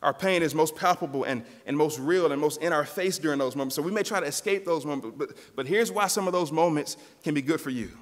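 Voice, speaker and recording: A man's voice: a little high, quick pace, few pauses, big-room sound. A pastor preaching a sermon in a church, earnest and direct, often turning to his listeners as "church". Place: church sanctuary.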